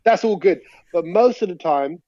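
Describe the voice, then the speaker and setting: Man, high voice, animated slangy storyteller, casual podcast chat, dry muffled phone audio. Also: normal speed, dry recording. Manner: animated storyteller, slangy, laughs while talking. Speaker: podcast co-host. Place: at home. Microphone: talking into a phone over a video chat.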